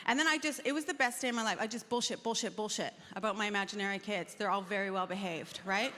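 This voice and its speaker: A woman's voice: mid-range voice, fast, sharp tone. A woman comedian doing a stand-up set on a live festival stage, talking conversationally and acting out little exchanges. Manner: conversational, acts out quoted exchanges. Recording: reverberant hall, noisy live room.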